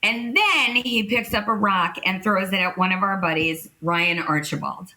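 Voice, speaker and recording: A woman improv comedian in casual chat, telling animated stories, laughing and swearing freely. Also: medium pitch, moderate pace, poor audio.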